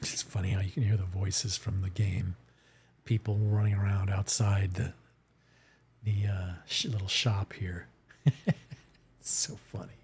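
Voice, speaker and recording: A man giving a casual live-streamed tarot reading, talking in a soft, musing way that often trails off into whispers. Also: low voice, flat delivery, unhurried, long pauses, slightly rough. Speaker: tarot reader and game streamer.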